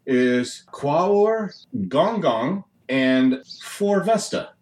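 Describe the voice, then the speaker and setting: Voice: mid-range voice, expressive, drawn-out words, darkish tone, roomy sound. A co-host in a casual podcast chat, dryly listing facts.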